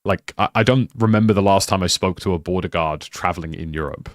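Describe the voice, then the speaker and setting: A young streamer from the United Kingdom chats casually on a live stream, rambling loosely, piling up "like" and restarting sentences. His voice is fairly low and his pace quick. The audio is dry, without any room echo.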